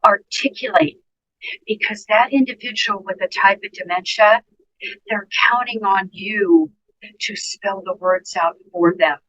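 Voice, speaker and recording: A woman's voice: mid-range voice, measured pace, fairly bright tone, a little hiss or hum. Earnest woman guest with dull lo-fi sound. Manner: earnest, emphatic, addresses listeners directly. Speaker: guest nurse and dementia care educator. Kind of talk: podcast interview, giving advice.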